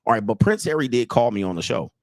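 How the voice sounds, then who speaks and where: Man, host, casual comedic commentary, rambling, excitable, dry close sound. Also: mid-range voice, fast, no echo. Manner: rambling, repeats "all right", excitable asides.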